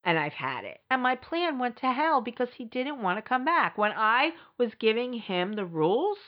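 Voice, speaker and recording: Middle-aged woman host, blunt and emphatic storyteller, lively pitch, muffled lo-fi audio. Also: moderate pace. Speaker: podcast host. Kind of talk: candid personal storytelling. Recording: dull lo-fi recording.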